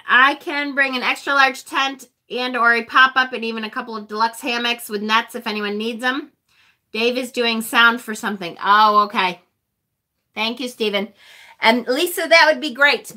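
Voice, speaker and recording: A woman hosting a casual tarot live stream, gushing and excitable as she reads viewer chat aloud. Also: a little high, normal speed.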